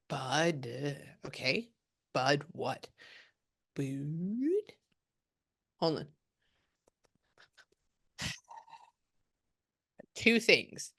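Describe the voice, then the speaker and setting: A woman's voice: on the low side, a bit bright. A woman working as a psychic medium, talking casually through a reading and trailing off mid-sentence as she relays messages. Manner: chatty, relays and quotes at length, trails off mid-thought.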